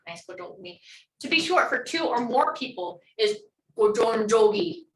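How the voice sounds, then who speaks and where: A woman's voice: a little high, lively intonation, moderate pace, echoey room, far from the mic, poor audio. A woman teaching a language class online, upbeat and encouraging as she models words for students to repeat.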